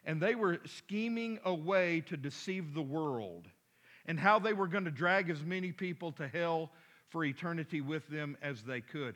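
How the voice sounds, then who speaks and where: A man's voice: fairly high pitch, animated, normal speed, a bit bright. A male pastor preaching an impassioned, urgent sermon, often repeating words as he presses his point.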